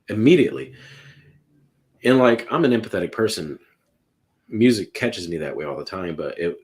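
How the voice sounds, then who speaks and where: A man with a very low, deep voice chats about music on a podcast. He talks in an earnest, emotional way and rambles, restarting his sentences often. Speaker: podcast panelist ranking songs. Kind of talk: casual music discussion.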